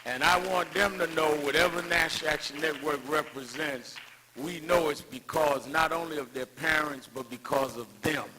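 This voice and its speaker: A man's voice: a little high, fairly even intonation, normal speed, crowd noise, low-quality recording. An older man giving a rousing tribute speech at an event, building emphatic, preacher-like cadences around anecdotes. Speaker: speaker at a civil rights tribute.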